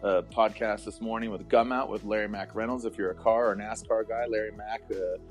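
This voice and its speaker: A man's voice: fairly low pitch, steady tone, a little fast, soft background music. A man in his forties, a motorsport announcer chatting as a podcast guest, rambling and restarting his sentences with plenty of jokes. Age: 40s. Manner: rambling, self-interrupting, joking. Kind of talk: casual chat.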